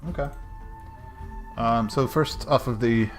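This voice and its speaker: A man's voice: medium pitch, steady tone, takes it slowly, faint music behind. A man narrating a tabletop game as game master, hesitant and full of ums.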